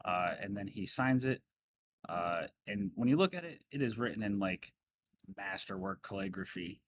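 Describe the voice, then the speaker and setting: A man's voice: fairly low pitch, lively intonation, normal speed, a little hiss or hum. A man narrating a tabletop game as game master in a casual, filler-heavy way.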